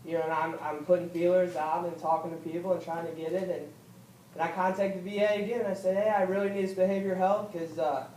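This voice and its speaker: Young male veteran speaker, fairly high voice, halting and earnest, picked up from across an echoey hall with faint noise. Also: a little mellow, far from the mic. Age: young adult. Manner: halting, earnest, repeats himself, rises when upset. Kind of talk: personal speech at a political event. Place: event hall.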